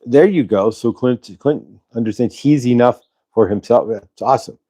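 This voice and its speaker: A man's voice: on the low side, moderate pace, breathy edge, no echo. A man hosting a casual spiritual livestream, talking loosely and reading out viewers' chat messages. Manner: relaxed, rambling, reads chat aloud. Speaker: host.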